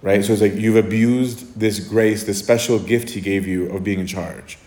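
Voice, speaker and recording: Brief: male priest, low voice, chatty Q&A answers, roomy echoey sound. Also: fairly even intonation, normal speed, darkish tone. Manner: conversational, often adds "right?" and restarts. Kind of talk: casual Q&A talk. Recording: echoey room.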